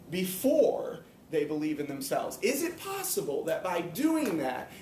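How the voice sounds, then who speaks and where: A man giving a personal, earnest motivational talk to a live audience, slowing down to stress his main points. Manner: earnest, emphatic, slows down to stress key points. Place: hall or room before an audience. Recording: echoey room, speaker far from mic, faint rumble.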